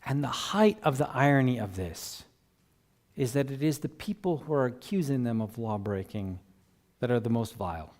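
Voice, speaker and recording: A man preaching a sermon as pastor, animated and conversational, chuckling between points and acting out quoted voices. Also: medium pitch, moderate pace. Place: church sanctuary. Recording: long church hall reverb.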